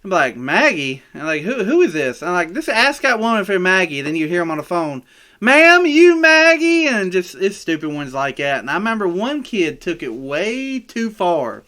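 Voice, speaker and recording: Bright-voiced man, rambling podcast storyteller, stumbles and swears, casual. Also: high voice, sing-song, normal speed, few pauses. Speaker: podcast co-host. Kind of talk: casual chat.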